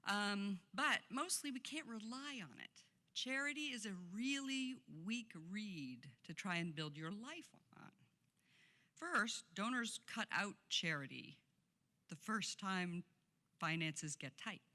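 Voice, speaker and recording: A woman's voice: mid-range voice, animated, slow, sharp tone. A woman giving a passionate conference keynote speech, emphatic and laughing often, recorded in a conference hall. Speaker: keynote speaker.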